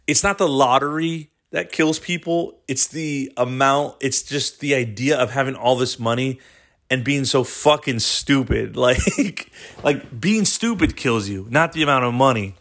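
A young man hosting his own podcast, ranting casually in a rambling, profane way with animated storytelling. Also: mid-range voice. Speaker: podcast host. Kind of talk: casual solo podcast rant.

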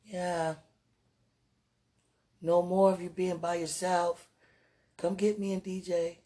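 A woman with a husky, breathy voice speaks tenderly to someone she loves, halting and trailing off into murmurs. Her talk is intimate and prayerful, soft and unguarded. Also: on the low side, little pitch movement. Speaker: partner speaking to a loved one. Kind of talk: intimate emotional monologue with prayer.

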